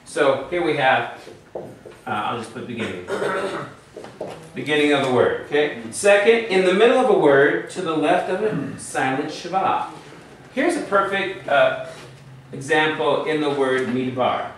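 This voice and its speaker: A man with a voice on the high side teaches a Hebrew grammar class at an unhurried pace, working through rules step by step and quizzing students. The classroom lesson is recorded far from the mic in a very echoey room, with a little hiss or hum.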